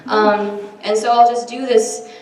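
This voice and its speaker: A woman's voice: fairly high pitch, little pitch movement, unhurried, a little mellow. A young woman performing a self-deprecating stand-up set, chatty and full of ums, in front of a live audience. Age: young adult. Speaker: stand-up comedian. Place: large hall with a live audience. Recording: echoey hall from far off. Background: audience laughter and room noise.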